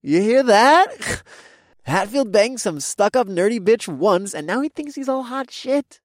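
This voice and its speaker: Nasal, brash young frat boy, crude and teasing, pitched high and dry, as a male narrator puts him on. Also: very animated, unhurried, dry recording, exaggerated voice. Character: loud obnoxious young frat-boy college guy.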